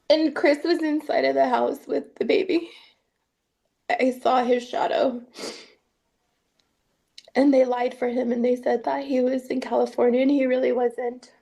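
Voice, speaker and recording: Woman, documentary interviewee, gravelly voice, fairly high pitch, earnest halting retelling. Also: little pitch movement, warm tone. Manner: earnest, halting first-person retelling with restarts. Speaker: interviewee, mother recounting events. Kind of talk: documentary testimony.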